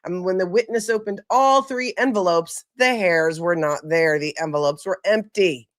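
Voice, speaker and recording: A woman's voice: lowish voice, normal speed, dry recording, studio quality. A woman attorney giving sarcastic, wry live commentary on a trial.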